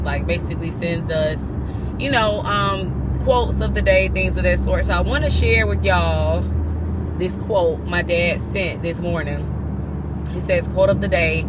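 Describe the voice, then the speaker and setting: Woman vlogging from her car on the way to work, chatty and relaxed, loud road hum behind her. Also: fairly low pitch, a little slow. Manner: chatty, relaxed, talks straight to viewers. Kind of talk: casual vlog chat.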